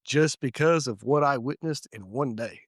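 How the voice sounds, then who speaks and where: A middle-aged man, a retired police sergeant telling stories in a casual podcast chat, profane and animated. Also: mid-range voice, moderate pace, no echo, clean studio sound.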